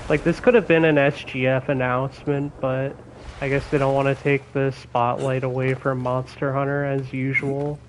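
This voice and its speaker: A young man chatting casually while streaming a game, excitable and swearing a lot, with laughs between his words. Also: mid-range voice, moderate pace, rough recording. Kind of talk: casual gaming stream chat. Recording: faint background noise.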